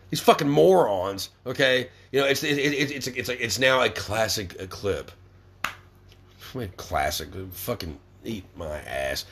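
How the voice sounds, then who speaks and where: A man's voice: mid-range voice, fairly bright tone, slightly rough. A young man hosting a podcast, ranting angrily with constant swearing and stammered restarts. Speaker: podcast host. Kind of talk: profane ranting monologue.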